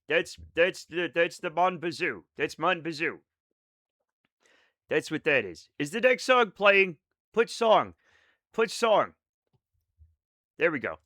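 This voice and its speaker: A man chatting live with his viewers, rambling in an excitable, self-mocking way. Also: fairly high pitch, no echo, clean studio sound. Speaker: streamer. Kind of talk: casual live-stream chat with viewers.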